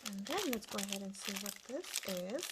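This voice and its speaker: A woman's voice: medium pitch, expressive, a little fast, heavy background noise. A woman hosting a crafting channel, chatting casually and gushing over each item she unwraps. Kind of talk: casual unboxing chat. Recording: loud crinkling paper handling. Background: paper crinkling and tearing.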